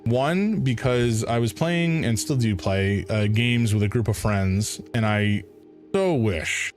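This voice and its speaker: A man's voice: medium pitch, slow pace, darkish tone, soft background music. A man streaming a game, chatting casually in a rambling, hesitant way. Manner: rambling, hesitant, with many fillers. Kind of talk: casual gaming stream chat.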